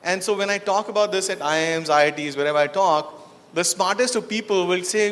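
Brisk and high-pitched with a fairly bright tone, this man gives a storytelling talk at a conference. He asks his audience questions, frequently uses "you know" and "right," and the recording has a long hall reverb.

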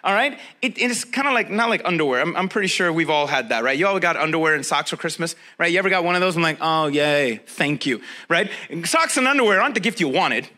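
A man preaching a sermon with a high, bright voice. He talks straight to his listeners in a loose, conversational way. He leans on repeated phrases to drive each point home. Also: expressive, quick pace, hardly any pauses. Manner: conversational preaching, addresses listeners directly, emphatic repetition. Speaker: pastor.

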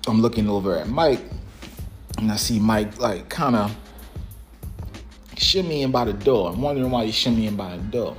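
A man's voice: fairly low pitch, expressive, normal speed, long pauses, soft background music. A man casually telling a profane, laughing story about a friend and his first car. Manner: profane, laid-back and laughing.

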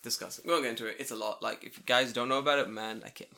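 Fast podcast dude, bright voice, lots of swearing, does little voices mid-story. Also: male voice, medium pitch. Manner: fast, profane, animated storytelling with put-on voices. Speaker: podcast co-host. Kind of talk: casual podcast chat. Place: home recording room.

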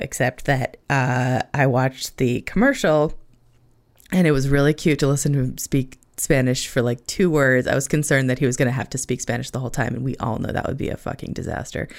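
A woman hosting a podcast in casual solo chat, hoarse from being sick, chatty and self-mocking with casual swearing. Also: a bass voice. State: hoarse from illness. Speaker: podcast host.

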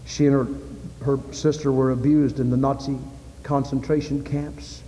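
A man preaching a sermon with impassioned delivery, building to loud climaxes. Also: medium pitch, flat delivery, normal speed, slight background noise. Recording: echoey hall with faint ambience.

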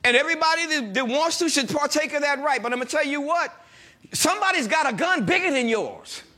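A male pastor preaching with a high, bright voice that swings widely in pitch. He draws out scripture lines slowly and with emphasis, then turns to the congregation with quick call-and-response asides. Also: lively intonation. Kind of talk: sermon.

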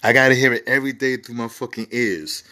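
A man's voice: medium pitch, fast, bright, forceful tone. A man in his forties hosting a casual music review show, rambling and profane with enthusiastic asides. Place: home recording setup.

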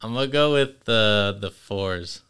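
Man, low smooth voice, dry close sound, hesitant casual talk. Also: measured pace, a bit bright, no echo. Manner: easygoing, hesitant, lots of fillers. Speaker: podcast co-host. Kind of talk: casual podcast chat.

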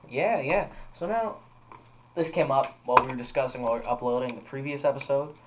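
A man's voice: medium pitch, brisk, very noisy. A young man co-hosting a podcast, telling a story in rambling casual chat with lots of fillers and restarts. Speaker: podcast co-host.

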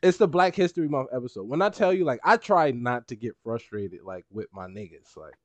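A man's voice: mid-range voice, animated, a little fast, no echo, lo-fi sound. A man co-hosting a podcast, telling a story in casual banter, emphatic and heated, with swearing and laughter. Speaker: podcast co-host.

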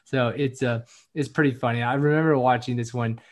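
A man in casual podcast chat, relaxed and agreeable, laughing easily. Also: mid-range voice, fairly quick. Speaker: podcast co-host.

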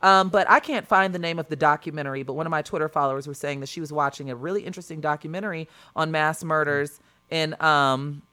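A young adult woman co-hosting a casual podcast chat, telling stories earnestly with quick restarts. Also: low-pitched, fairly bright tone. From Chicago area. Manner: earnest, rapid storytelling with restarts. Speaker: podcast co-host.

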